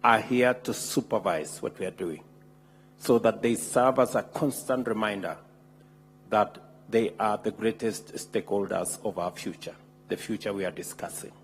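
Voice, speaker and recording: A man with a Kenyan accent giving formal remarks at a conference, speaking in a measured, deliberate way. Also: fairly low pitch. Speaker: head of state giving remarks. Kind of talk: formal public address. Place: large conference hall. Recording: reverberant hall with faint hum.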